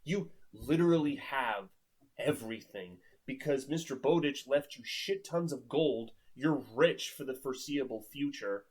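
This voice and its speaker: A man's voice: mid-range voice, expressive, unhurried, a little mellow, slightly rough, poor audio. Exasperated man ranting with sarcasm. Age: 30s. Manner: exasperated, sarcastic, swears often, says "like" a lot. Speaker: book reviewer. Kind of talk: casual ranting review.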